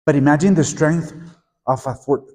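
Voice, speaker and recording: A man's voice: on the high side, normal speed. Man leading a teacher workshop. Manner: lively, prompts the audience to repeat and join in. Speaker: teacher trainer. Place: conference room at a teachers' meeting. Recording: echoey conference hall.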